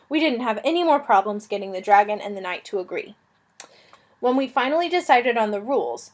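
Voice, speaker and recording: A woman reading a children's fantasy novel aloud, telling it in a lively, expressive way. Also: a little high. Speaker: reader.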